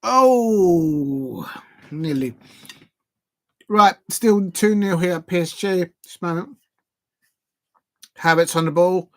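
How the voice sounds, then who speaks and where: A man hosting a live football watch-along on his channel, chatty and excitable and jumping to shouts at big chances. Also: high voice, a little slow, pauses often, no echo.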